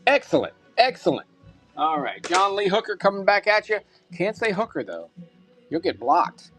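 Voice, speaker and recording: Guy selling stuff on a live stream, kinda high voice, upbeat, thanks everyone by name, faint music behind. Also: very animated, normal speed, a bit bright. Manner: mutters to himself while handling items. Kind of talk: live-stream auction chat.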